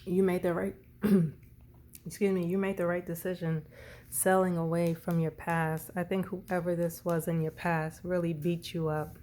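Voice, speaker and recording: A woman's voice: on the low side, level tone, unhurried, dark tone. A woman doing a casual tarot reading, rambling and often correcting herself. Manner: rambling, self-correcting, tongue-tied. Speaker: tarot reader.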